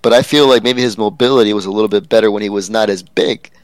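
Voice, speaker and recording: Man, podcast guest, talks fast, relaxed questions, dry close sound. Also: on the low side, no echo. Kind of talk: casual chat.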